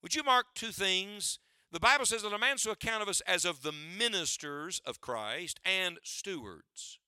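Bright, high-voiced male preacher. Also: expressive, moderate pace, clear, resonant tone, dry recording, clean studio sound. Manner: preacher's cadence with rhetorical questions to the congregation; asks listeners to write down points. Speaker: pastor. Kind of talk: sermon.

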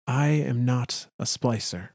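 A man's voice: mid-range voice, darkish tone, no echo, studio quality. A man voicing an earnest young alien girl. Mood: resolute. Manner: halting, emotional.

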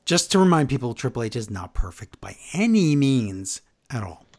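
A man co-hosts a casual podcast, recapping a wrestling show with sarcastic asides. His pitch swings widely as he jumps from outrage to praise. The delivery is quick and animated. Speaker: podcast co-host.

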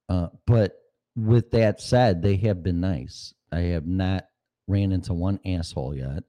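A man hosting a podcast, rambling loosely and swearing through a casual sound check. His voice sits on the low side, and he keeps pausing to clear his throat. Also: warm tone. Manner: rambling and profane. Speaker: podcast host.

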